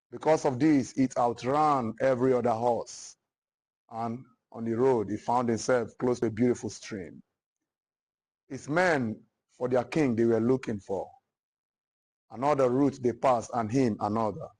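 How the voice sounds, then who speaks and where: A man teaches literature with a Nigerian English accent. He retells a long poem in his own words and throws himself into the characters' speeches. His voice sits in an ordinary register, rising sharply and growing louder when he acts out the dialogue. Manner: dramatic storytelling, acting out the characters' lines with rising pitch and force. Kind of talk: retelling a narrative poem for students.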